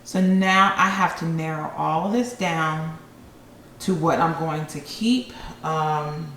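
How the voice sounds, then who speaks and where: A woman with a Southern US accent chatting casually to viewers while clearing out her kitchen, a little winded. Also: low voice, takes it slowly, fairly bright tone. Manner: chatty, talks to viewers as guys, sighs. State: a bit out of breath. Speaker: vlogger. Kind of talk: casual declutter vlog talk. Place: home kitchen. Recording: echoey kitchen, faint room noise.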